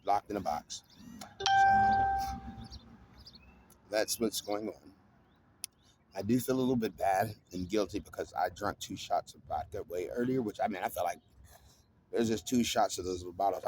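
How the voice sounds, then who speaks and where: A man's voice: fairly low pitch, a little hiss or hum. A man talking to camera in an aggrieved, rambling monologue, restarting and swearing often.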